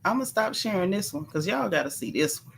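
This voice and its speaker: A woman's voice: medium pitch, sing-song, brisk, vocal fry, a little hiss or hum. A woman hosting a casual celebrity gossip show, sassy and chatty, talking straight to her viewers as y'all and reading their comments aloud. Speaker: gossip channel host.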